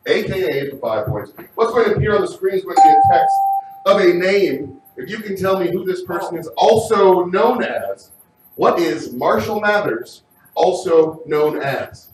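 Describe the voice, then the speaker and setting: A man hosting a live game show, energetic and often shouting, recorded from a distance in an echoey room. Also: high voice, moderate pace, slight background noise.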